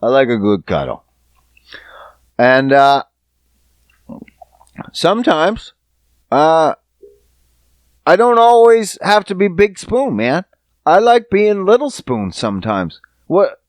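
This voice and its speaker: A man's voice: high voice, big pitch swings, slow pace, pauses often, no room sound. A man hosting a podcast who talks to his listeners in a casual, rambling monologue, swearing freely and joking. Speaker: podcast host.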